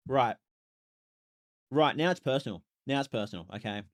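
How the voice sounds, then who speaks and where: A man streaming a video game, chatting casually with his chat, reacting loudly with exclamations and laughs. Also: medium pitch, normal speed, no room sound. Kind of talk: casual live game commentary.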